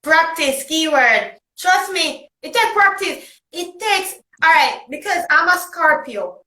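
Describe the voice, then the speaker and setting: A woman's voice: extremely high pitch, lively intonation, takes it slowly, pushed and bright, reverberant, low-quality recording. A woman host, talking bluntly and emphatically in a casual chat. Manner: blunt, emphatic, patois-tinged. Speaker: podcast host.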